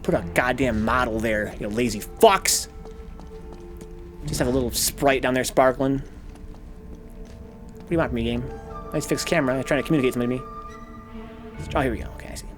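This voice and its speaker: A man streaming a video game, talking casually with animated, profane, rambling rants. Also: mid-range voice, brisk, long pauses, soft background music. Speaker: gaming streamer. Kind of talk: casual let's-play commentary.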